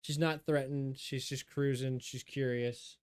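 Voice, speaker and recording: A man chatting casually on a stream about his pet reptiles, explaining their behavior and coaxing them in a high, playful voice. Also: fairly even intonation, measured pace, clean tone. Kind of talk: casual chat with pets on stream.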